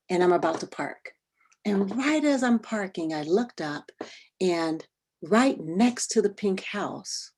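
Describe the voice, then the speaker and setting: Expressive woman telling a personal story. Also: mid-range voice, breathy edge. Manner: expressive, swings from hushed to animated. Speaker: workshop speaker on parenting and bias.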